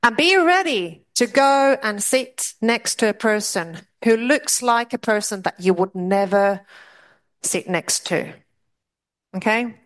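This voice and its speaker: A woman's voice: on the high side, slow pace. Chatty woman lecturer with fillers. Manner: lively, direct and chatty, with many asides and fillers. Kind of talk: classroom lecture.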